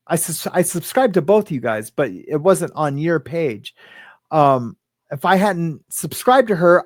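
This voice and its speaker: This medium-pitched male host runs a casual live stream, captured in clean studio sound without echo. He wanders from topic to topic, laughs a lot, and calls out chat viewers by name.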